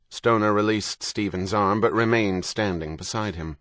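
A man reading a novel aloud in steady, even narration. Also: lowish voice, moderate pace, few pauses, no room sound, studio quality. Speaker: audiobook narrator. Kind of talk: scripted narration.

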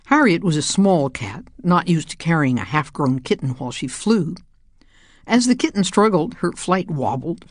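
A woman narrating a children's audiobook in a calm, measured way. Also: lowish voice, dry recording, clean studio sound.

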